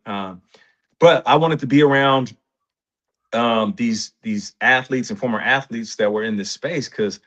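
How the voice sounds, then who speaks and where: A man in his forties, a guest in an interview, telling stories in a casual, animated way and acting out what others said. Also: measured pace. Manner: animated, rises in pitch when excited, quotes others in dialogue. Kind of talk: casual storytelling. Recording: dull lo-fi sound.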